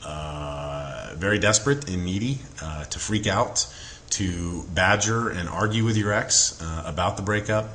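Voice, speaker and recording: A man's voice: low voice, measured pace, a bit bright, slight background noise. A man giving relationship advice in an earnest coaching tone, with many fillers and frequent check-ins. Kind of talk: instructional talk to camera.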